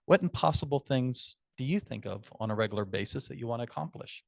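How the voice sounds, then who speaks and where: A man's voice: mid-range voice, animated, fast, creaky, few pauses, no room sound. Dry, chatty man hosting a club meeting. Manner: chatty, upbeat, storytelling asides. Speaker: table topics master.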